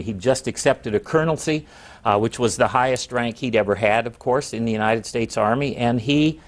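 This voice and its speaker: A man, a historian, answering interview questions in a measured, reflective way. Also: mid-range voice.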